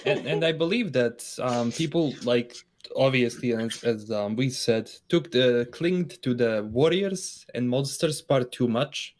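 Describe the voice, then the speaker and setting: Hesitant mid-pitched podcast co-host. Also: darkish tone. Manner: hesitant, halting phrasing. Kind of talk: casual podcast chat.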